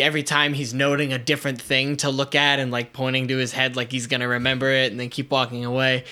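Animated, bright-voiced man telling a story. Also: medium pitch, smooth. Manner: animated storyteller, many fillers and quick asides. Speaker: podcast co-host. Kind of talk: casual retelling of a pitched TV episode.

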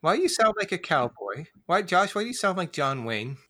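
Lively, bright-voiced teasing man. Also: high-pitched, normal speed. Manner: playful teasing. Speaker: podcast co-host. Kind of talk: casual chat.

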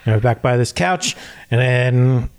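Man, casual storyteller, rambling, animated retelling full of "like". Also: medium pitch, a little slow, smooth. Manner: rambling, many "like" and "he's like" fillers; acts out quotes in animated retelling. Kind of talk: casual chat.

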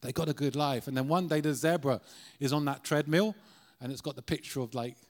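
A middle-aged Irish man gives a sermon from the pulpit of a church, in an earnest, conversational way. His voice sits at an ordinary pitch, and he often restarts his sentences as he pushes a point. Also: a little fast. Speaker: guest preacher.

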